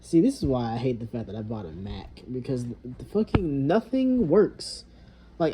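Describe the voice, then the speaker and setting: A young man with a very dark, mellow tone and a husky edge. He rambles and vents with frustration, swearing heavily in a casual monologue. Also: on the high side, poor audio. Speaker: vlogger.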